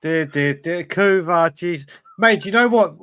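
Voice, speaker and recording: A fairly high-voiced man spinning a yarn on a comedy podcast. He teases his co-hosts, and the sound is close and dry, with no room around it. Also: a little slow, fairly bright tone, clean tone, no echo. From England. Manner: storytelling, joshing with mates. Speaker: podcast co-host. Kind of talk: casual banter.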